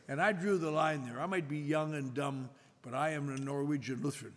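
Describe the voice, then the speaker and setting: Gravelly older man telling a story wryly. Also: medium pitch. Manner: wry, self-mocking, drawn-out delivery. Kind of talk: storytelling talk to an audience. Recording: echoey hall with faint noise.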